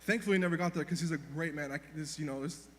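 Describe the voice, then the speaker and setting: Young man, grieving, rushed and halting eulogy, echoey hall. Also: a little high. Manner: rambling, halting, with many restarts and fillers. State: emotional, grieving. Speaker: grandson giving a eulogy. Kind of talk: unscripted memorial speech. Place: church hall. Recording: reverberant hall, faint background hum.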